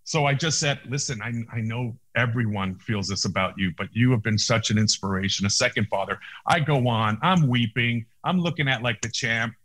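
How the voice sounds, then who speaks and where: A male actor as an interview guest, telling a story in casual talk, animated, with many restarts and acted-out quotes, on a video call. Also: medium pitch, fairly quick, few pauses.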